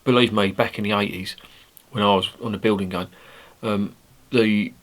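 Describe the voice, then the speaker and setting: A man's voice: lowish voice, steady tone, normal speed, fairly bright tone. A man, giving a casual, rambling, sweary beer review monologue. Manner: rambling, sweary, blunt banter.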